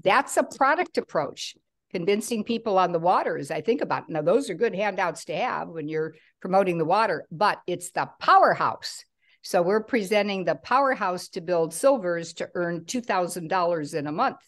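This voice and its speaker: A woman on a group call giving a measured, thoughtful comment. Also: fairly low pitch, lively intonation, a bit bright. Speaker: caller.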